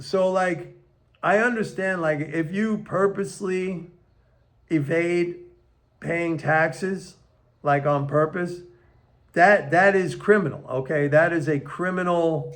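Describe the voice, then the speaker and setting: A man's voice: a little high, gravelly. Emphatic older man commenting on economics. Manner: emphatic, slows down to stress points. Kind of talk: casual opinion monologue. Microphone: camera on tripod.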